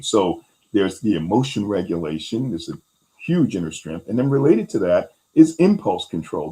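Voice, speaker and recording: A man hosting a talk, explaining resilience skills in a relaxed conversational way, with many fillers and quick acted-out quotes. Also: low-pitched, low-quality recording. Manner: animated, acts out quoted voices, many fillers. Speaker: host.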